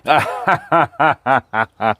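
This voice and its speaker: A man's voice: mid-range voice, drawn-out words, sharp tone. An older Australian man hosting a casual fishing livestream outdoors by the water, greeting viewers by name in a laid-back way. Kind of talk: casual live-stream chat.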